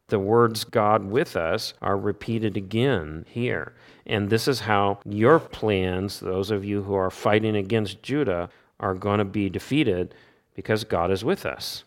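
A man giving an expository Bible teaching, stressing points by repeating key phrases and posing rhetorical questions that he then answers himself. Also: on the low side. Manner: emphatic, asks rhetorical questions and answers them.

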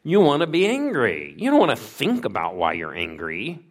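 This sermon comes from a middle-aged pastor whose mid-range voice swoops wildly in pitch at a moderate pace. He keeps it conversational, putting questions to his listeners and performing the voices he quotes.

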